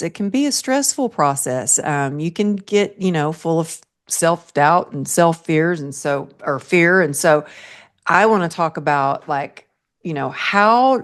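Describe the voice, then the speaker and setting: A woman hosting a podcast interview, telling a story in an earnest, animated way and laughing often. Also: low voice. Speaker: podcast host.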